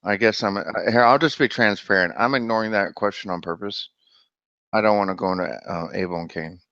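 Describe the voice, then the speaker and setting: A low-voiced man hosts a casual livestream about the Bible, talking in an animated, exclamatory way. His voice comes through dull and lo-fi, with a dry, close sound. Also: clean tone, no room sound. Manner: animated, exclamatory, quick to laugh. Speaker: livestream host.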